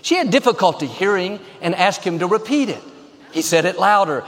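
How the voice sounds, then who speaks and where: A man's voice: high voice, expressive, fairly quick, big-room sound. A man preaching a sermon as pastor, upbeat and emphatic, telling a joke to the congregation.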